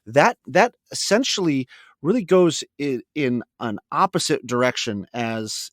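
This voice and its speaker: A man's voice: medium pitch, very animated, a bit bright, no echo. Agreeable reflective man, dry close sound. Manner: agreeable, reflective, quick to laugh. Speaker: podcast co-host. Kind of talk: casual conversational podcast.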